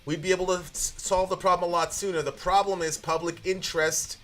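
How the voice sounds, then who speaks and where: A man in his thirties, a podcast co-host, giving animated, emphatic political commentary that rambles with restarts. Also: high voice, a little fast.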